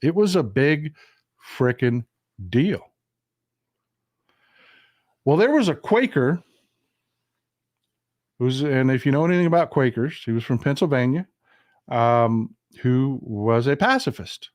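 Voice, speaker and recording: Folksy man, animated commentary. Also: medium pitch, takes it slowly, long pauses, dry recording, clean studio sound. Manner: folksy, animated, mocks historical figures in quoted voices. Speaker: political livestream host. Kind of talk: casual political commentary.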